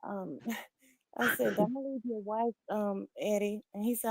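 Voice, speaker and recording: A woman's voice: mid-range voice, a little slow, no echo. Blunt woman telling a story. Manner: blunt, animated storytelling, acting out quoted dialogue. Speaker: livestream caller. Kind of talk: candid personal story on a livestream. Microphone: remote call audio, sometimes low volume.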